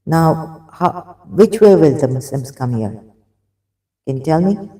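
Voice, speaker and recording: Excitable man reading aloud, roomy echo. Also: a little high, takes it slowly. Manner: excitable, reads passages aloud, frequent apologies and restarts. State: coughing, out of breath. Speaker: streamer discussing religious texts. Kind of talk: live-stream commentary.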